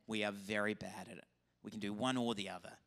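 A man, a pastor, preaching a lively, conversational sermon. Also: lowish voice, fast talker, gravelly. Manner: animated, conversational preaching with acted-out dialogue. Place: church auditorium.

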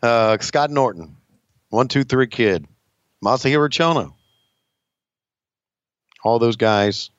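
A man hosting a podcast in casual chat, talking haltingly with many pauses and restarts. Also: medium pitch, expressive, no echo, muffled recording. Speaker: podcast host, wrestling announcer.

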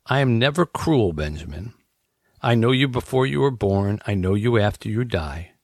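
A man voicing a calm, gentle male God character, reading the lines slowly and solemnly. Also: on the low side, no echo, clean studio sound, voice pushed down.

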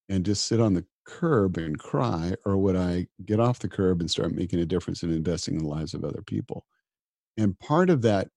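A man's voice: sits low, dark tone, dry recording, clean studio sound. A middle-aged man, a disaster physician, talking earnestly in an interview and often repeating words as he starts a sentence. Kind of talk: reflective interview talk.

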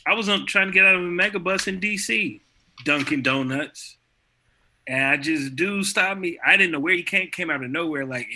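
Man with a very bright, tense voice. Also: on the high side, normal speed. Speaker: friend in conversation. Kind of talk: casual chat.

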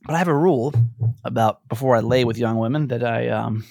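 A woman co-hosting a casual podcast, telling stories in an animated way with lots of "like"s. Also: a bass voice, a little fast, gravelly, a little hiss or hum. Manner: animated storyteller, many "like"s. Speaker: podcast co-host. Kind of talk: casual chat.

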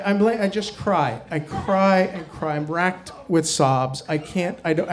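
A man telling a true personal story on stage, wry and animated, acting out the people he quotes. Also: fairly high pitch. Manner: wry, animated, quotes others in their voices.

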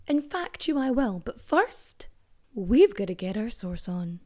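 A woman's voice: fairly high pitch, sing-song, unhurried, dark tone. Chatty, sweary woman hosting a podcast. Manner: chatty, swears freely, jokey asides. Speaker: podcast host. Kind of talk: casual solo podcast monologue.

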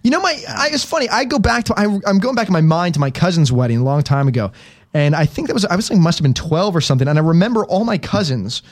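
Male host, bright-pitched and very animated, casual dry-sounding live web show chat. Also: quick pace, dry recording. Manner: animated, quiz-show teasing.

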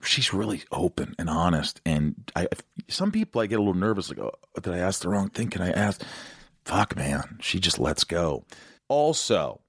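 Male podcast host, low-voiced, scattered and jokey, dry close mic. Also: big pitch swings, moderate pace, husky, no room sound. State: out of breath. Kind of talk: casual interview chat.

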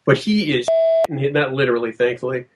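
A middle-aged man telling a long first-hand story in a podcast interview, vivid and animated, acting out what people said. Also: medium pitch, moderate pace, noisy background. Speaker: podcast guest.

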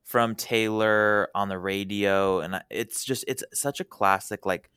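A man's voice: fairly low pitch, steady tone, measured pace, pushed and bright, smooth, no echo, clean studio sound. A young man guesting on a podcast, chatting casually and animatedly, laughing easily. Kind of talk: casual chat.

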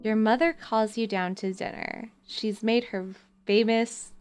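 A woman's voice: fairly high pitch, fairly even intonation, a little slow, loud music behind the voice. A young woman hosting a podcast, reading an interactive story aloud and breaking off to joke with her friends. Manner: giggly, reads narration then jokes between passages. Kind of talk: casual reading aloud with banter.

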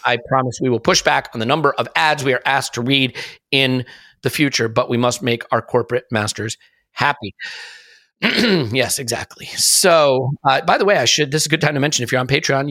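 Bright-voiced podcast host, dry sound. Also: male voice, mid-range voice, animated, dry recording. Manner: joking, self-mocking, quick. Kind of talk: casual podcast chat and ad reads.

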